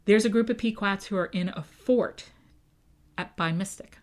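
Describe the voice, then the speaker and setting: In a casual podcast interview, a woman who works as a town historian tells the past in a lively way. She regularly asks "right?" and dramatizes quoted speech, using a medium-pitched voice at an ordinary pace.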